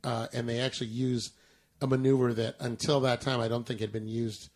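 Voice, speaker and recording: A man's voice: medium pitch, level tone, brisk, darkish tone. A man in casual chat, explaining a TV episode at length with trivia and frequent restarts.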